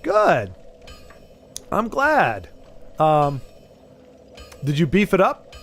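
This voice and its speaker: A man's voice: a little high, wildly swooping pitch, takes it slowly, a bit bright, soft background music. A man streaming a game, chatting casually with his viewers and often stammering and restarting his sentences. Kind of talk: casual live-stream chat while gaming.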